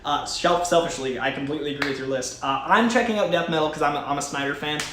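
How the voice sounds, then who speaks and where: A man's voice: a little high, fast talker, fairly bright tone, reverberant, a little hiss or hum. A man hosting a casual live stream, chatting with enthusiasm and reading viewer messages aloud. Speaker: host. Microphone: studio mic.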